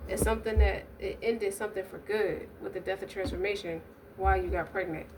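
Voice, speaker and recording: Woman tarot reader, blunt and foul-mouthed, rambling delivery; distant mic, noisy recording. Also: mid-range voice. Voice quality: blunt, profane, streetwise talk. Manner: rambling, frequent restarts and asides. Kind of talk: casual tarot reading.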